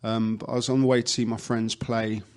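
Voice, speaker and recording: A man's voice: fairly low pitch, little pitch movement, brisk. A young adult man, an actor guest, chatting casually in an interview and telling stories with lots of fillers and restarts.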